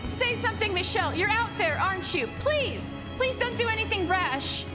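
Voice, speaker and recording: A woman voicing a desperate young woman, shrill and breathless as she begs and pleads. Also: animated, moderate pace, over music. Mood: pleading.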